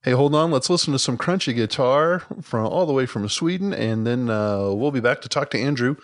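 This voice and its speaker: A man's voice: medium pitch, lively intonation, fairly quick, no echo, clean studio sound. Jokey man hosting a sports podcast. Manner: jokey, teasing, stammers on restarts. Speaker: podcast host, league commissioner.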